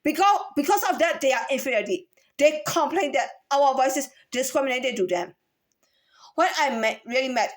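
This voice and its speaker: A woman's voice: sits high, expressive, moderate pace. A woman giving a lecturing monologue as a voice coach, repeating herself insistently and switching between voices to demonstrate them. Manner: demonstrates different speaking voices in a repetitive, insistent way.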